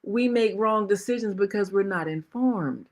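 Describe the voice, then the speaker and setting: A woman's voice: mid-range voice, moderate pace, a little mellow. A woman hosting a radio talk show, who laughs easily and affirms her guest as they talk. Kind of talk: casual interview chat.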